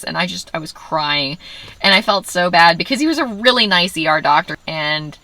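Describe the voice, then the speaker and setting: Low-voiced woman telling a story. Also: normal speed, no room sound, rough recording. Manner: animated, quotes her own inner voice, self-mocking. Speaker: vlogger. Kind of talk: casual personal storytelling.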